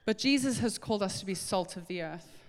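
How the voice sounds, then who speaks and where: A middle-aged woman preaching a sermon, animated and acting out little scenes in different voices. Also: medium pitch, a little fast. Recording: echoey hall with long reverb.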